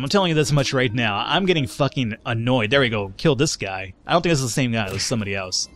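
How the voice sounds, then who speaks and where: A man giving casual commentary on a strategy game, quick to get frustrated and swearing often. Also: medium pitch, expressive, a bit bright, faint music behind. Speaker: let's play gamer.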